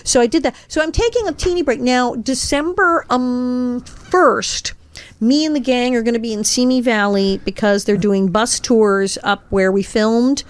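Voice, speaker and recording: A woman in her sixties, a guest in an interview, telling animated stories and quoting people in acted voices. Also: a little high, measured pace. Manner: lively, quotes people in acted voices, laughs often. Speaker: guest, actress and author.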